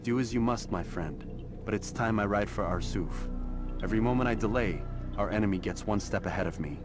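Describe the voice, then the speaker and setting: A man's voice: lowish voice, brisk, lightly acted. An actor playing a determined male assassin who speaks firmly in a game cutscene. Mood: resolute. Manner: firm, commanding. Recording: game cutscene with loud music.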